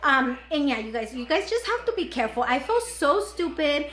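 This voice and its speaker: High-voiced chatty woman vlogger. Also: very animated, normal speed, fairly bright tone. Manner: chatty, filler-heavy, "like" throughout. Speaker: vlogger, mother. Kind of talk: casual storytelling to viewers. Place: at home. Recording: roomy echo.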